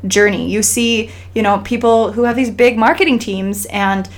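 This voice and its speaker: A woman's voice: a little high, normal speed. Earnest woman podcaster from Idaho. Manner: earnest, encouraging, many "like"s and restarts. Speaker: podcast co-host. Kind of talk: casual podcast chat.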